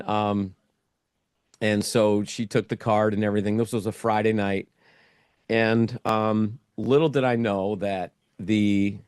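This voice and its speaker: A man's voice: lowish voice, darkish tone, dry recording, studio quality. A middle-aged man, a guest in an interview, telling a casual story and acting out his own thoughts as he goes.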